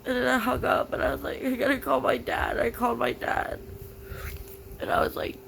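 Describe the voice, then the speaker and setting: A young woman vlogging through tears, halting and grief-stricken, with many "like" fillers. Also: fairly high pitch, level tone, vocal fry, fairly bright tone, a little hiss or hum, rough recording. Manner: halting, full of "like" fillers, grieving. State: tearful. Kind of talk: personal confessional vlog.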